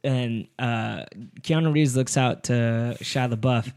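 A young man hosts a casual podcast chat, his voice medium in pitch, slow, and clean. He tells stories animatedly, swears a lot, and acts out the quotes.

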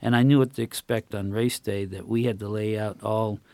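Guesting on a laid-back talk show, a retired racing crew member tells rambling, chuckle-filled stories from his racing days. He's an older man with a dark, low-leaning voice, fairly even intonation, and a fairly quick pace, recorded with no echo.

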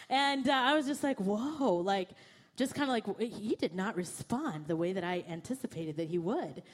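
A young woman preaching a sermon, telling a personal story and acting out her own panicked thoughts. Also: high-pitched. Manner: animated, acts out her own panicked quotes. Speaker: pastor.

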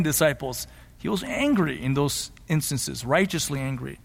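A man's voice: fairly high pitch, big pitch swings, moderate pace, gravelly, a bit bright. A middle-aged man preaching a sermon as pastor, teaching earnestly and building to emphatic passion. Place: church sanctuary. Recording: long hall reverb.

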